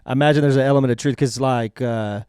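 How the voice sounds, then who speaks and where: A man's voice: mid-range voice, fairly even intonation, quick pace, darkish tone, clean tone, no room sound, studio quality. A man co-hosting a podcast in casual chat, musing aloud and trailing off as he thinks. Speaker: podcast co-host.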